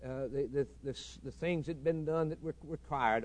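A man preaching a sermon, building long repeated lists and swinging between loud emphatic lines and quiet, hushed ones. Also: on the high side, normal speed, hardly any pauses, no echo. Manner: swells loud for emphasis, then drops to a hushed tone.

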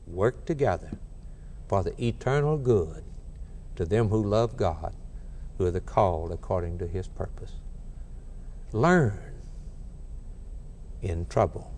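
A man preaching a sermon with fervor, swinging between soft, low passages and emphatic peaks. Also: sing-song, takes it slowly, pauses often, long reverb tail.

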